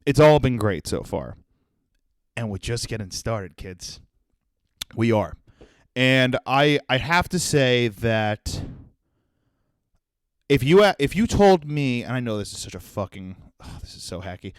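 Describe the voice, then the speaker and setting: Profane, joking young comedy podcast host. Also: male voice, mid-range voice, lively intonation, a little slow, long pauses, no room sound, clean studio sound. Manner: profane, self-deprecating, swings between jokes and sincerity. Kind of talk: solo comedic monologue.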